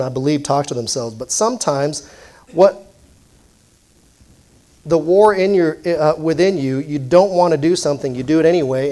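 A man's voice: a little high, mellow. Conversational man preaching a sermon. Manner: conversational, asks the congregation questions, self-deprecating asides.

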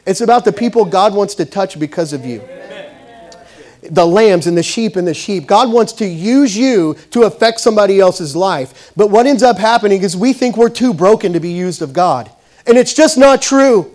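A man preaching a sermon, telling a story and swinging between loud bursts and quiet asides. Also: high voice, lively intonation, fairly quick. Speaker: pastor.

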